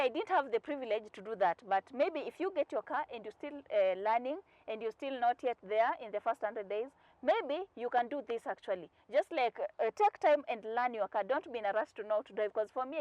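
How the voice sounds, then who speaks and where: Animated young Kenyan woman vlogger. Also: a little high, dry recording, highs cut off. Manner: animated, mixes English with Swahili, acts out voices in her stories. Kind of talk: casual storytelling to camera.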